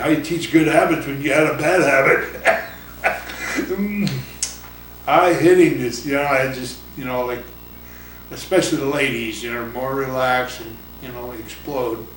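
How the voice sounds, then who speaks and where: Older man, retired pitcher and coach, rambling chuckling storyteller, off-mic in an echoey room, noisy background. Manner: rambling anecdotes, acts out voices, chuckles often. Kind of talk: casual interview storytelling. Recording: roomy, distant mic, noisy ambience.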